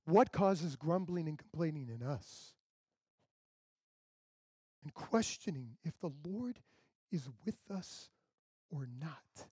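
A man's voice: on the high side, animated, takes it slowly, long pauses, a little mellow, slightly rough, dry recording. A male pastor preaching a sermon in a conversational way, acting out the people he quotes.

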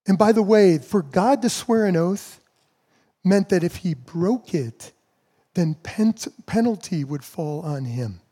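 A man preaching a sermon to his church, with slow, emphatic pauses. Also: high voice, animated, warm tone, slightly rough. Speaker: pastor.

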